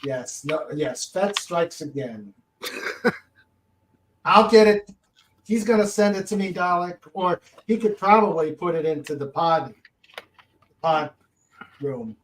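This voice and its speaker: A man's voice: a little high, expressive, takes it slowly, pauses often, a bit bright, rough recording. A man co-hosting a casual podcast chat, reading out listener comments with frequent chuckles and trailing mutters. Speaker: podcast co-host.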